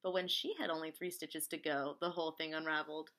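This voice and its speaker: A woman reading a picture book aloud in a lively way, singing out sound effects as she goes. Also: deep voice, quick pace. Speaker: reader.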